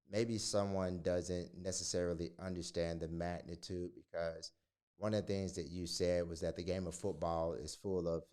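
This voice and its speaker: Deep, smooth-voiced male podcast host. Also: darkish tone. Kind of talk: interview questions.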